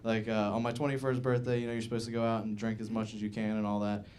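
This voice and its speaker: A man's voice: fairly low pitch, little pitch movement, fast, a little mellow, slight background noise. A man in his twenties performing a stand-up set at a comedy club, rambling and laid-back with lots of "uh" and "like". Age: 20s. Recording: live club recording with audible audience laughter. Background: audience laughter.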